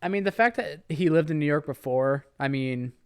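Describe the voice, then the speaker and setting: A man's voice: on the high side, moderate pace, smooth, no room sound, clean studio sound. A man in his twenties from Virginia with a Virginia accent, co-hosting a casual podcast chat in an easygoing way. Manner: easygoing, explains with many fillers. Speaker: podcast co-host.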